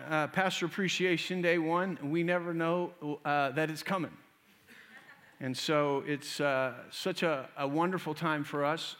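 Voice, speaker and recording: Fervent middle-aged male pastor, bright voice. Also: fairly high pitch, long reverb tail. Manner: fervent, emphatic preaching with folksy asides. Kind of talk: sermon. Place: church sanctuary.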